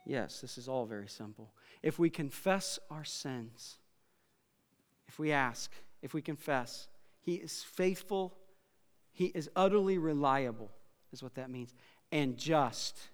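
A man preaching a sermon, swinging from quiet remarks to loud, emphatic passages. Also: medium pitch, lively intonation, measured pace. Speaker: pastor. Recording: long reverb of a large hall.

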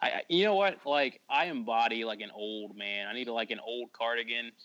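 A man's voice: mid-range voice, brisk, fairly bright tone, highs cut off. A man co-hosting a podcast in casual chat, teasing the others and laughing often. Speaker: podcast co-host.

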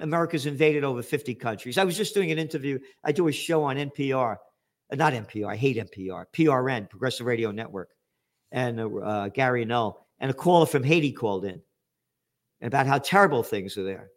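Profane, ranting older man. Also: a little high. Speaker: show host. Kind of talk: angry political commentary.

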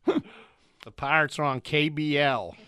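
A man's voice: a little high, slow, pushed and bright, clear, resonant tone, dry recording, clean studio sound. A male co-host in casual chat, chiming in with short replies and laughs.

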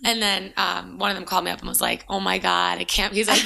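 A woman's voice: medium pitch, fast talker, vocal fry, slight background noise. A young woman in her twenties telling a story in casual chat, acting out what people said and using "like" a lot. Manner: animated storyteller, acts out quotes, says "like" often.

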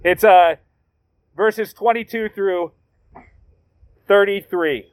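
A man's voice: sits high, takes it slowly, clear, resonant tone, no room sound. A male pastor giving a sermon in a conversational, emphatic way, with casual slangy asides as he reads and retells a Bible passage.

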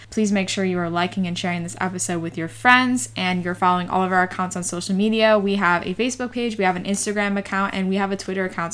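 A woman's voice: mid-range voice, a bit bright. A woman hosting a podcast, reading an upbeat scripted introduction. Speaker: podcast host.

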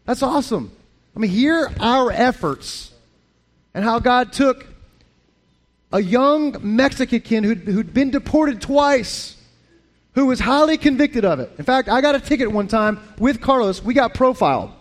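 A man preaching as a pastor, talking in a lively, conversational way with frequent restarts. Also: extremely high pitch, a little slow. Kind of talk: sermon.

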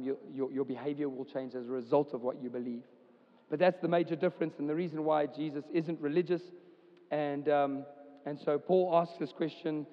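Man, pastor, chatty sermon, slightly higher voice, long hall echo, dull sound. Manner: casual, chatty preaching with many fillers. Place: church hall.

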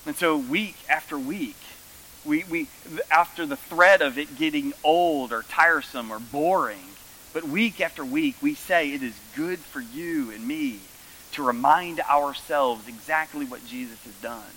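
A man preaching a sermon as pastor, telling stories with lively emphasis. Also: fairly high pitch, a little slow, a little hiss or hum, low-quality recording.

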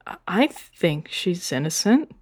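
A woman's voice: medium pitch, lively intonation, fairly quick, darkish tone, lightly acted. A woman doing a hesitant, troubled cop. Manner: hesitant, subdued. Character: troubled male animal police officer.

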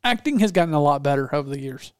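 A man's voice: fairly high pitch, animated, fast talker, clear, resonant tone, dry recording, clean studio sound. A man hosting a casual chat, talking with enthusiasm and often restarting his sentences. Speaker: podcast host.

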